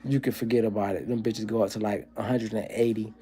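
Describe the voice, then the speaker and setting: A man's voice: on the low side, steady tone, quick pace, dark tone. Profane, ranting man on a livestream. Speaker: livestream host. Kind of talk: casual livestream chat and comedy.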